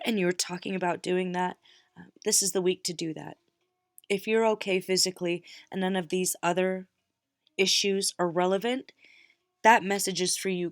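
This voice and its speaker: A woman's voice: lowish voice, fairly even intonation, moderate pace, no room sound, clean studio sound. A middle-aged woman reading tarot cards, talking casually and encouragingly straight to her viewers. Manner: warm encouraging pep talk, direct address. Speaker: tarot reader.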